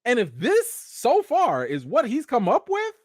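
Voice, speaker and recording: A man's voice: extremely high pitch, huge pitch swings, measured pace, no room sound, clean studio sound. A man giving casual live-stream commentary, emphatic and slangy, firing off rhetorical questions.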